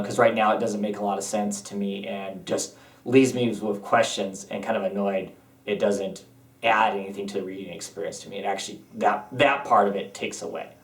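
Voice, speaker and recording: Low-voiced man rambling in an echoey room. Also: distant mic. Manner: rambling, hesitant with many ums and restarts. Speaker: comic book reviewer. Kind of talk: casual spoken review.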